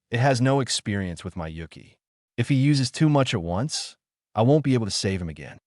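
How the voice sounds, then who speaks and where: Guy reading a bossy demon vixen, low voice, bounces around in pitch, dry sound. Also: dry recording, close to an everyday voice. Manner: menacing, commanding. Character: proud angry female demon fox spirit.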